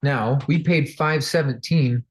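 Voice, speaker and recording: Male real estate trainer, mid-pitched everyday voice, chatty storyteller who acts out the characters in his anecdotes. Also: measured pace. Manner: animated, acts out quoted voices; conversational with fillers and restarts. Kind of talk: casual storytelling lesson.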